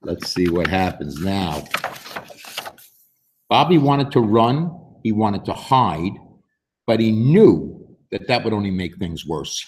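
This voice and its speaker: A man reading a picture book aloud to children, expressive and pausing to ask questions. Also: on the low side, a little hiss or hum. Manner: expressive, slow and animated, asks the listener questions. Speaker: storyteller.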